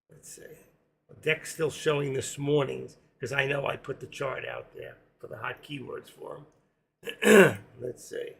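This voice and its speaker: A hoarse man hosting a live trading stream, rambling casually to himself and his viewers as he works through charts. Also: mid-range voice, a bit bright. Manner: rambling, talks to himself while working charts. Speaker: livestream trading host.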